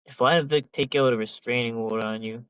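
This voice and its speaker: A man's voice: mid-range voice, fairly even intonation, fast, a bit bright, clear, resonant tone, no echo, poor audio. Slangy, rambling young man. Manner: rambling, slangy and profane, lots of filler. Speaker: podcast host. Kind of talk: casual chat.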